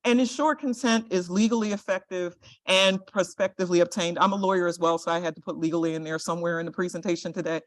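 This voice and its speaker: A woman's voice: lowish voice, fairly even intonation, fast, few pauses. A middle-aged woman giving a lecture presentation to health professionals, earnest and direct, often checking in with "right?". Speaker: guest speaker, compliance and privacy officer.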